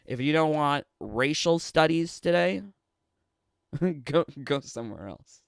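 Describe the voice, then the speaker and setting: Sarcastic Canadian man with lively pitch. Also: slow, vocal fry, smooth, dry recording, clean studio sound. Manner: sarcastic, laughs often between phrases. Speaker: streamer and commentator. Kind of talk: casual livestream rant.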